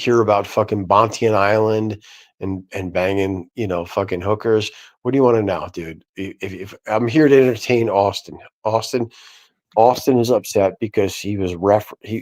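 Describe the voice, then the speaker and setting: Stream host, man, lowish voice, crude joking banter full of fillers. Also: moderate pace, darkish tone. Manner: profane, filler-heavy, joking. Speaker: streamer hosting a panel. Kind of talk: casual chat.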